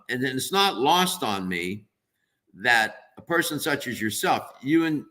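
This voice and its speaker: A man's voice: medium pitch, pushed and bright. A man speaking as a nutritionist guest on a radio interview, earnest and emphatic as he thinks aloud.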